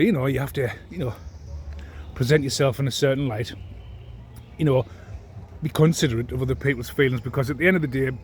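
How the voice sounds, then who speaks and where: A man's voice: mid-range voice, a little hiss or hum. A man, ranting into his phone with heavy swearing and indignant repetition. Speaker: vlogger. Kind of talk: ranting monologue to camera.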